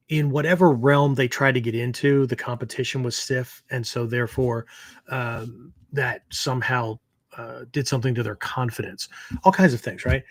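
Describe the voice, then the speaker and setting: A man with a husky, slightly breathy voice at a middle pitch, teaching in a loose, rambling way. He keeps checking in with his listeners through fillers and tag questions. The sound is close and dry. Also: no echo. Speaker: martial arts teacher and show host. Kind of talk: casual spoken lecture.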